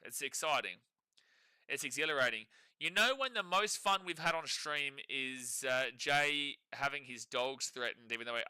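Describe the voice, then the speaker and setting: Young Australian male streamer, wry sports chat, a bit high-pitched, dry close sound. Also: bright, forceful tone, clean tone, dry recording. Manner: sarcastic, laughs often, reads chat aloud. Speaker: livestream co-host. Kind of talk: casual live sports watch-along commentary.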